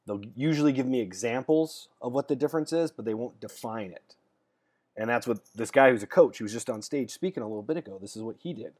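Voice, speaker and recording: A man's voice: mid-range voice, quick pace, darkish tone. A man who works as a dating coach, talking casually to his viewers. He is blunt and straight-talking, and he rambles through his stories and restarts his sentences with repeated words. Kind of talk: casual monologue to camera.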